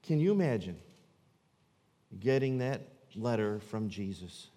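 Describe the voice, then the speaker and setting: A man preaching a sermon as pastor, swinging from loud, emphatic lines to low, hushed ones. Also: expressive, a little slow, big-room sound.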